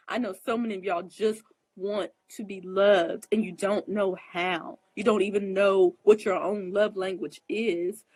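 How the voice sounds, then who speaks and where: Speaking straight to her viewers in a casual talk, this astrologer hands out advice with earnest, preachy emphasis, showing her emotions openly and repeatedly checking that they understand. Her mid-range voice has a breathy edge, and the audio is poor.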